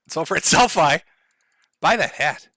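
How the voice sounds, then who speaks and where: A man's voice: fairly high pitch, lively intonation, normal speed, pushed and bright, no room sound, studio quality. A man talking casually on a live stream, sardonic and mock-dramatic, laughing often. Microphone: headphones and desk mic.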